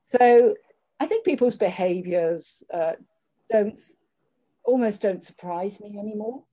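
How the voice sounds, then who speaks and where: An older woman speaking in a measured, candid way, with frequent restarts, reflecting on her working life. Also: mid-range voice, lively intonation, mellow. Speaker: interviewee. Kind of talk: reflective conversation.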